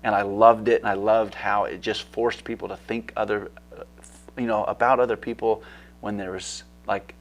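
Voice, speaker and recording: A lower-pitched man with a gravelly edge to his voice, chatting as an interview guest. He talks eagerly and rambles, with lots of fillers and restarts. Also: little pitch movement, moderate pace. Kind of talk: casual interview chat.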